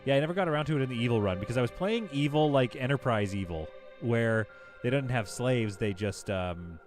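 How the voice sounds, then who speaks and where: A man's voice: mid-range voice, animated, fairly quick, faint music behind. A man casually chatting on a live game stream, reading out viewer messages and laughing often. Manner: chatty, reads chat aloud, laughs often. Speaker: livestream gamer host.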